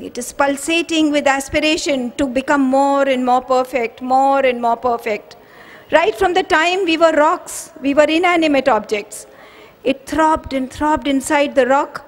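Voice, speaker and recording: A woman with an Indian English accent addressing students at a school event, telling a story slowly and dramatically and asking the children questions. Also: sits high. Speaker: school vice-chairperson.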